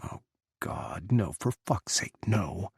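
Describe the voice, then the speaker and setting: Narrator as a curt, tense bodyguard. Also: male voice, lowish voice, slow pace, a little mellow, husky, dry recording, clean studio sound, exaggerated voice. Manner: curt, clipped, commanding. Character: tense, protective young Secret Service agent.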